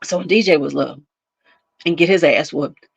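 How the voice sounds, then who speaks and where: A woman hosting a casual chat to camera, telling stories in an animated, profane way, laughing often and acting out scenes. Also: low voice, normal speed, gravelly, husky, dry recording, highs cut off. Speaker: beauty channel host.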